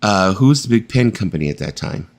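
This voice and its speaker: A man's voice: on the low side, lively intonation, quick pace, creaky. A man hosting a late-night live stream, chatting casually in a joking, rambling way. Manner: joking, rambling, laughs often. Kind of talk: casual chat.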